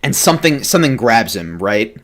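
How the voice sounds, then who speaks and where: A man's voice: mid-range voice, sing-song, fairly bright tone. A man co-hosting a podcast, chatting casually and joking as he riffs on ideas. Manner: jokey, acts out quick silly voices. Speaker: podcast co-host. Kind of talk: casual brainstorming chat.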